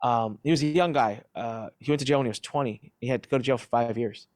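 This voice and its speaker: Middle-aged man, interview guest, animated and emphatic, dry sound. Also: medium pitch, fast talker, no room sound. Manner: emphatic, animated retelling with restarts. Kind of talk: candid interview answers.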